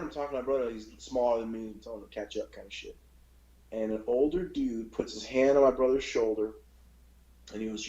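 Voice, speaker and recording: A man in casual storytelling mode, profane and animated, slipping into the voices of the people he describes. The sound is roomy and a little dull and lo-fi. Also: medium pitch, brisk.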